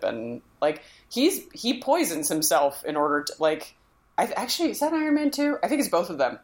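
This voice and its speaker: A woman's voice: fairly low pitch, sing-song, a little fast. A young adult woman co-hosting a casual podcast, chatty, restarting sentences and laughing as she makes her points. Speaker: podcast co-host. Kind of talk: casual movie discussion.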